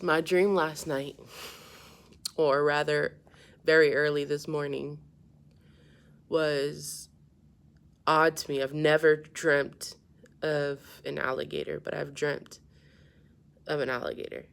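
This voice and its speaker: A woman telling a casual, profane story about a strange dream, starting subdued and growing animated. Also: gravelly. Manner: animated and profane, grows louder and more excited as the story builds; low-key and subdued at the start. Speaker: vlogger.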